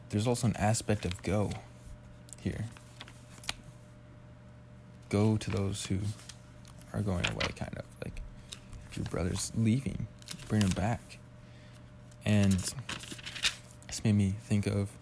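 A man's voice: on the low side, gravelly, a little mellow, slight background noise. A young man hosting a casual Bible study podcast, talking loosely and rambling, with a lot of "like" and restarts. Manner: loose, rambling, heavy use of "like". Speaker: podcast host.

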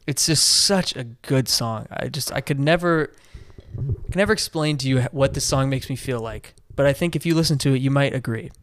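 A man's voice: mid-range voice, normal speed, a bit bright, no echo. Enthusiastic man gushing on a podcast. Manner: enthusiastic, rambling with restarts and fillers. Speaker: podcast co-host. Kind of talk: casual music discussion.

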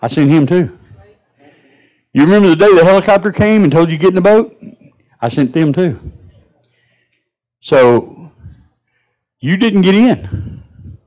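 A man's voice: high voice, animated, unhurried, pauses often, a little mellow, pitched above the performer's own voice, rough recording. A man voicing God scolding a stubborn woman in a sermon story. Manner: reproachful, lecturing. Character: God, patient but scolding, exasperated.

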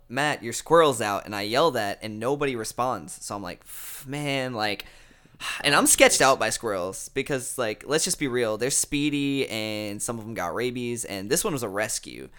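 A young man with a bright, forceful voice chats casually on a podcast. He tells a long story in a loose, rambling way, stacking fillers and swearing as he goes. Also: mid-range voice, moderate pace, clean tone.

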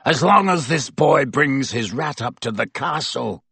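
Brief: male reader playing a desperate man on the run, snarling, husky, slow. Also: mid-range voice, animated, pushed and bright, dry recording, exaggerated voice. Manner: snarling, croaking. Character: desperate escaped male convict, gaunt and fierce.

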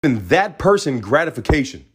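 A man hosting a podcast in a small studio, talking in an animated, ranting way that drops to low mutters. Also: moderate pace, breathy edge. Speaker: podcast host. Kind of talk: casual ranting monologue.

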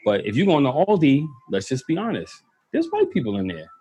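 A man hosting a casual chat, relaxed and working through the topic list. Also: mid-range voice, quick pace, slight background noise. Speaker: podcast host.

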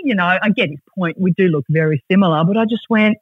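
A woman in her forties with an Australian accent, chatting as a podcast guest and telling stories with lively acted-out quotes. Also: medium pitch, fast, few pauses, slightly rough, no room sound. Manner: bubbly, animated storyteller who acts out quotes. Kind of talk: casual interview chat. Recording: dry, tinny phone-like line.

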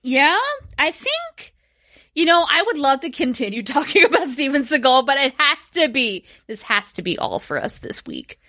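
A woman's voice: high-pitched, big pitch swings, moderate pace, sharp tone, dry recording, studio quality. A young woman co-hosting a podcast, chatting casually, rambling and swearing with frequent laughter. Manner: giggly, profane, rambling. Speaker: podcast co-host. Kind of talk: casual chat.

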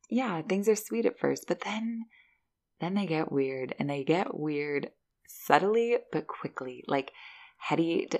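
A woman hosting a podcast, giving a chatty, animated recap of a movie. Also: sits low, vocal fry. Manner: chatty, animated storytelling with laughs. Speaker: podcast host reviewing a film.

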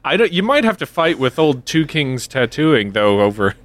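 A man's voice: medium pitch, sing-song, moderate pace, no room sound. A man co-hosting a casual podcast, making wry asides and hesitant questions. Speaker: podcast co-host.

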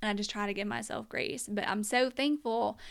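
A woman's voice: mid-range voice, fairly even intonation, moderate pace, creaky. A young woman telling her personal story as a mother in an earnest, emotional monologue, at times close to tears.

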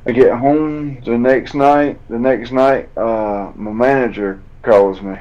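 A man, a fighter telling a painful story in an interview, drawling and halting as he acts out old conversations. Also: medium pitch, steady tone, a little mellow. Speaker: bare-knuckle fighter guest. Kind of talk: emotional storytelling in a podcast interview. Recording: dull lo-fi audio.

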